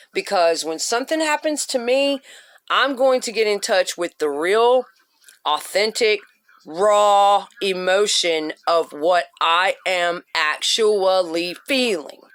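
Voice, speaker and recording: A woman's voice: lowish voice, a bit bright. A woman vlogger giving blunt self-help advice in an emphatic, profane rant with punchy repetition.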